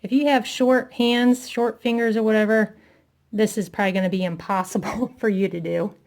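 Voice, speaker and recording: A woman's voice: mid-range voice, fairly even intonation, normal speed, a little mellow. A woman chatting casually through a craft tutorial, talking to herself as she works, self-deprecating and a little out of breath.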